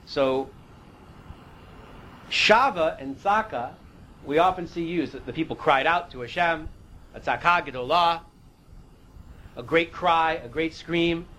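A man's voice: on the high side, measured pace, long pauses, pushed and bright, rough recording. A man teaching a Torah class, reading Hebrew verses and explaining them in a casual, conversational way, sometimes losing his place.

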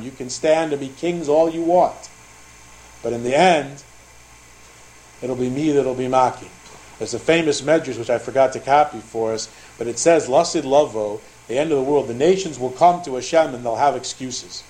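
A man's voice: mid-range voice, animated, moderate pace, a little mellow, poor audio. A man teaching a Torah class, translating Hebrew verses line by line and acting out the dialogue with animation.

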